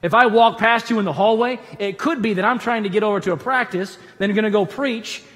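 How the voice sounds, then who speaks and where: A man, a pastor, giving a conversational sermon in a church auditorium with animated storytelling and humorous asides. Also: high voice, brisk, in a large hall.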